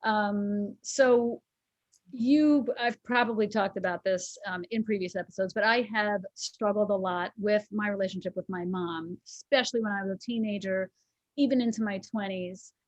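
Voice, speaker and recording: A woman's voice: mid-range voice, moderate pace, no echo, highs cut off. A woman in her forties, co-hosting a casual chat and telling a personal story in a candid, emotional way. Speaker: co-host.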